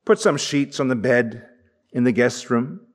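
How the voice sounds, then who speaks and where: A man reading aloud as a kindly old bishop, low and calm, each phrase slow and soft. The voice rolls through a big church with a long echo. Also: lightly acted. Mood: gentle. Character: gentle, generous old male bishop.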